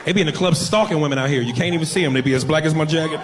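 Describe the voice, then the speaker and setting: A man performs a brash, profane stand-up set in a comedy club, his voice slightly high. The live recording carries audience sounds and steady room noise behind him. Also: rapid-fire, a crowd in the background.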